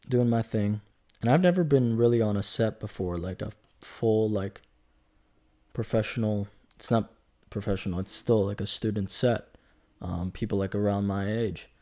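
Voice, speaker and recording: A man's voice: on the low side, warm tone. A man in his twenties talking through a casual solo podcast, rambling and chatty, joking as he goes and correcting himself. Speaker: podcast host.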